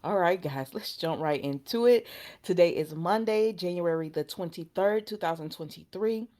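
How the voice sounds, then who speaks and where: Speaking at a moderate pace in a lowish voice, a female vlogger recaps a soap opera casually. She addresses viewers directly in a chatty, informal way, and her animated storytelling includes acting out what the characters said.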